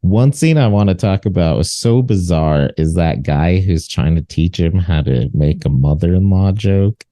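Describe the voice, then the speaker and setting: A man's voice: low-pitched, lively intonation, normal speed, few pauses, warm tone, no room sound. A man co-hosting a podcast, talking in a loose, rambling way with many fillers and restarts. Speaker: podcast co-host. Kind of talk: casual chat.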